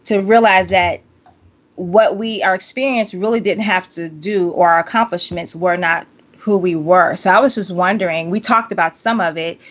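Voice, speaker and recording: A woman in her forties hosting a podcast, playful and animated with quick asides. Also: fairly low pitch. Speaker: podcast host and singer. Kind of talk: casual interview chat. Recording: dull lo-fi audio.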